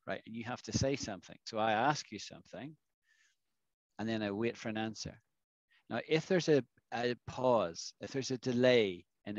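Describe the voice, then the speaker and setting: A man's voice: mid-range voice, dry recording. A man leads an online English lesson over a video call. His voice sounds dry and a little dull. He explains expressions patiently and keeps checking in with the class. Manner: explanatory, asks the class questions. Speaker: English teacher.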